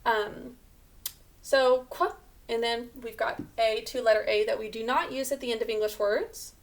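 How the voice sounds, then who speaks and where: A woman's voice: fairly high pitch, fairly even intonation, normal speed. A woman teaching a remote spelling lesson to children, patiently sounding out words letter by letter.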